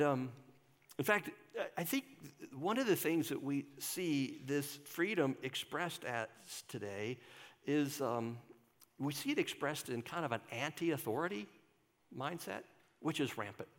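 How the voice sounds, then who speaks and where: Older man, pastor, conversational sermon, mid-pitched voice, long hall reverb. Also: fairly bright tone. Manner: conversational, asks the congregation questions. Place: church sanctuary.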